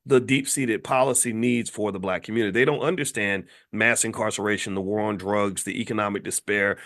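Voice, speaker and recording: A man hosting an impassioned opinion commentary, swinging from low muttering to high outbursts. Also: a bit bright. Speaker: host.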